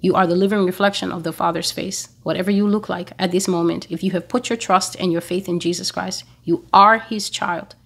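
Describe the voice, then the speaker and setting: A woman with a somewhat low voice delivers a sermon. She speaks earnestly and emphatically, repeating her phrases over and over to drive each point home. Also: steady tone, fairly quick, creaky, hardly any pauses, husky. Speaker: prophecy blog preacher.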